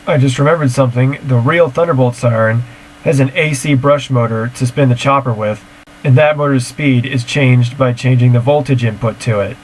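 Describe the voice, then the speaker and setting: A little background hiss or hum accompanies this siren-hobby video creator as he reacts to a video at home and fields viewer questions. His mid-range voice moves at a moderate pace, and his manner is casual, technical, and rambling.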